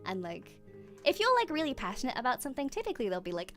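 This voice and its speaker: A woman's voice: on the high side, wildly swooping pitch, fast talker, a bit bright, faint music behind. A young woman streaming a casual chat as a VTuber, bubbly and prone to squealing over fan art.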